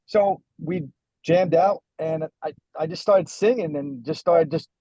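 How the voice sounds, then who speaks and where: A man's voice: a little high, unhurried, mellow, slightly rough, dry recording, muffled recording. A man who sings lead in a band, chatting casually in a rambling, self-deprecating way with many restarts. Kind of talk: casual chat.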